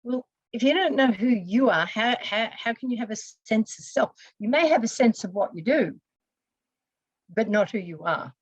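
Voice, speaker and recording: Aussie lady counselor chatting on a podcast, bit high voice, dry and kinda dull sound. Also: animated, normal speed, breathy edge, no room sound. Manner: earnest, explaining with restarts and asides. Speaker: guest, counselor. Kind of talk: casual podcast conversation.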